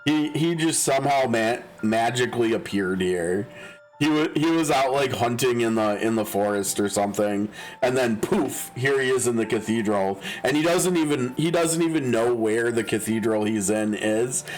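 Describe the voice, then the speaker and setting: A male streamer chats over a game, musing aloud with frequent chuckles and false starts. His pitch sits in an ordinary middle range. Soft game music runs faintly underneath. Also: lively intonation, normal speed, rough recording. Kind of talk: casual live game-stream commentary.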